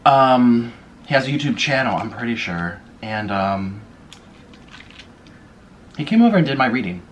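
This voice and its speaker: Eating on camera by the window of his city apartment, a YouTuber exclaims and gushes over each bite in relaxed mukbang vlog talk. His medium voice takes its time, swinging widely in pitch, with a little hiss or hum on the recording.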